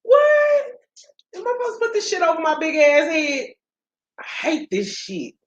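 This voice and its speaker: A woman, talking casually to her viewers in a blunt, profane, animated way. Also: high-pitched, moderate pace. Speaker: spiritual practitioner vlogger. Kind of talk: casual livestream chat. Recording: roomy, dull lo-fi sound.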